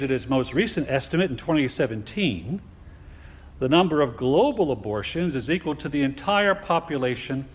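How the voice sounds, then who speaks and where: A man preaching a sermon in a deliberate, emphatic way, asking his listeners rhetorical questions. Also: on the high side, breathy edge. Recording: long hall reverb.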